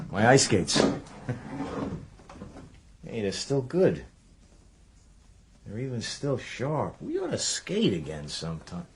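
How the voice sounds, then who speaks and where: A man's voice: mid-range voice, wildly swooping pitch, slow pace, long pauses, a little hiss or hum, heavily acted. An actor playing a middle-aged New York police officer, dry and joking as he reassures his wife in a radio drama. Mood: nostalgic. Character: middle-aged male New York cop, wry and weary.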